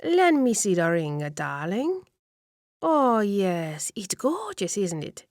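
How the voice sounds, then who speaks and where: A woman's voice: medium pitch, big pitch swings, slow pace, dry recording, studio quality. A woman voicing a chatty, doting older woman in an audiobook, gushing and lilting as she talks.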